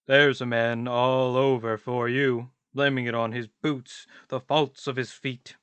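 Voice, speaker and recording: A man takes on a weary, musing tramp for a homemade radio play. The voice sits at an ordinary male pitch and moves slowly and dryly, as if he is weighing every thought. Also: level tone, fairly bright tone, smooth, no echo, lightly acted. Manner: slow, dry, pondering delivery. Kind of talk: amateur radio play acting.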